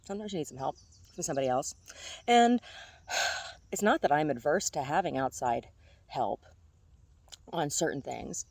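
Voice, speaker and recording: A woman's voice: sits low, expressive, moderate pace, pauses often. A woman vlogger chatting casually outdoors among the trees, rambling and self-deprecating, laughing at her own jokes. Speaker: vlogger doing tarot card readings.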